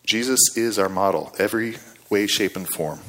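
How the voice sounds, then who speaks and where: A man's voice: lowish voice, moderate pace, fairly bright tone. A man preaching a storytelling sermon in an earnest, conversational way, often checking in with his listeners.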